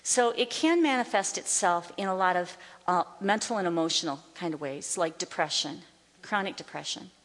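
A woman Bible teacher teaching from a stage, emphatic, slowing down to declare scripture. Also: lowish voice, fairly bright tone. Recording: long hall reverb.

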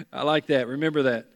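A pastor preaching a sermon to a congregation, talking earnestly and repeating words for emphasis. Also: male voice, mid-range voice, gravelly. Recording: long reverb of a large hall.

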